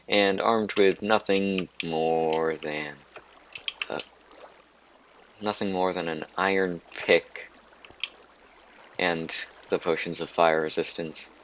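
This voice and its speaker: A man's voice: low-pitched, a bit bright, slight background noise. A man giving rambling, self-mocking commentary over his own gameplay. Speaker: let's play host.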